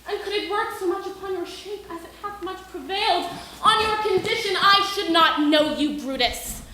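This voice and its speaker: A devoted Roman wife, pleading and insistent, played by a woman with a high, bright voice. The stage recording carries a heavy room echo. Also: normal speed. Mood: concerned. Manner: pleading, insistent verse delivery. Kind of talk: amateur stage Shakespeare. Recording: echoey room.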